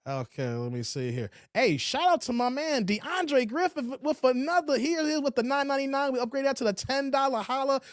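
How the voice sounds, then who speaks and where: A man with a very high-pitched, lively voice hosts a livestream, talking briskly with few pauses through a studio-quality streaming setup with no echo. In casual chat, he reads viewer comments aloud in a laid-back, slangy way, often ending lines with "man" and "y'all."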